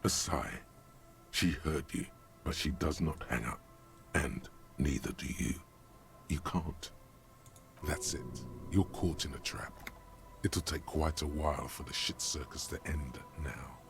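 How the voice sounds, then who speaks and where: A man voicing a brooding game narrator, speaking in slow, ominous second person with a deep, gravelly voice. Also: faint music behind. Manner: slow, ominous, dramatic pacing. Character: brooding omniscient male narrator voice.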